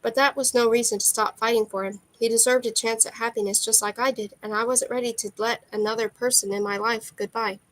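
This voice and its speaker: A woman reading a novel aloud in steady first-person narration, with occasional slips. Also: on the high side, a little fast, few pauses, low-quality recording. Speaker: amateur reader.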